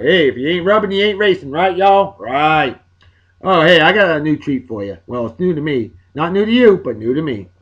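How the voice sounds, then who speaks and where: A man's voice: on the high side, fairly bright tone, dull audio. A man in his forties from Massachusetts, hosting a casual, jokey solo show and putting on a folksy country drawl. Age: 40s. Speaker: host. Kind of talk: casual solo video blog.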